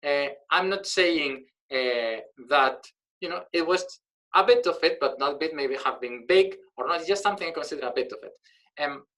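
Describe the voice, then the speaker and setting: A man's voice: fairly high pitch, moderate pace, a bit bright, poor audio. A man explaining Spanish grammar in English as a teacher, thinking aloud with fillers and slipping Spanish words in.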